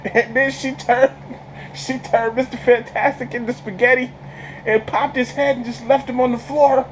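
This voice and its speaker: A man giving a casual movie review, an excitable storyteller who stumbles over repeated words, laughs often and talks in slang. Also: very high-pitched, normal speed, a little hiss or hum, rough recording. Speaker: channel host reviewing a film.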